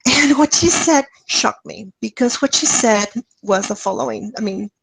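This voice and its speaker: A woman presenting on a video call webinar, telling a story in a casual, lively way and acting out the dialogue. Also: normal speed, vocal fry, husky, no echo, poor audio. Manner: lively, acts out dialogue with rising pitch and laughs.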